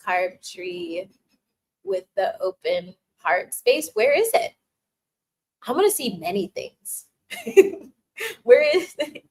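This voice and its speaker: A medium-pitched woman runs a casual livestream Q&A, reading chat messages and warmly thanking viewers. She laughs frequently and often restarts, leaning on filler words. The recording is rough.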